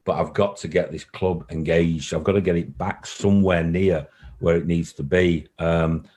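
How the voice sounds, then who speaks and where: This interview with a football club chief executive is a call recording; he talks at normal speed in a low, darkish voice with fairly even intonation. Earnest and prone to repeating himself, he is emotional at times.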